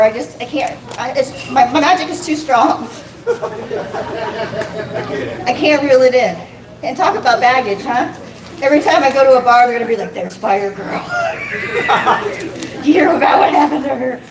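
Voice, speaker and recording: A woman doing a stand-up set, self-deprecating, swearing and laughing at her own jokes. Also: fairly high pitch. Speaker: stand-up comic. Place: comedy club stage. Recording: echoey room from far off, noisy.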